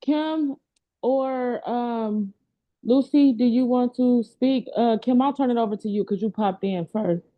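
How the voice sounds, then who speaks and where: Woman kinda high voice, tinny phone-like call audio, hands off to next speaker. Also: measured pace. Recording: phone-like video call line.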